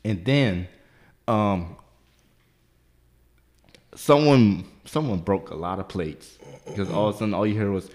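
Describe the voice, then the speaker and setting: A man co-hosting a podcast, telling a profane, animated story and leaping into high squeaky voices when he quotes people. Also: measured pace, pauses often. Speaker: podcast co-host. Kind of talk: casual storytelling chat.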